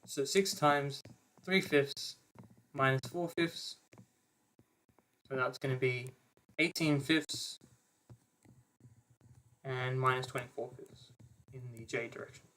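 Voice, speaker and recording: A young man giving an online maths revision lecture, casually talking through each step of his working with fillers and quick self-corrections. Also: medium pitch, fairly bright tone, a little hiss or hum. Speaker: maths tutor.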